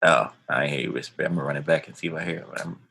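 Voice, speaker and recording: A man's voice: extremely low pitch, racing, gravelly, pushed and bright, husky. A man co-hosting a podcast in a casual, joking chat, laid-back and sometimes dropping to a mumble. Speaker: podcast co-host.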